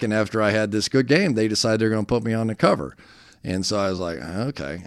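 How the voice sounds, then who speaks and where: A man with a low, smooth and resonant voice spins a self-deprecating story as an interview guest. The sound is dry and close, with no room around it. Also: no echo. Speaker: guest, football analyst.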